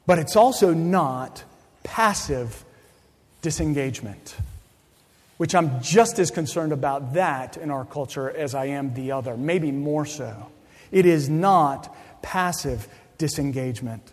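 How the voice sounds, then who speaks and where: A middle-aged male pastor preaches with deliberate, emphatic delivery, repeating key phrases for weight. His voice sits a little high for a man. A long reverb of a church sanctuary hangs after each line. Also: animated, darkish tone. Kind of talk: sermon. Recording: long reverb of a large hall.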